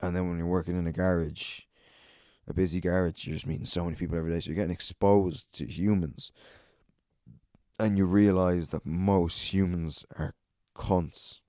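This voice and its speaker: Low-voiced sweary Irish man. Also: little pitch movement, normal speed, mellow, dry recording, clean studio sound. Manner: sweary, rambling, sardonic. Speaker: podcast host. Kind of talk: solo podcast storytelling.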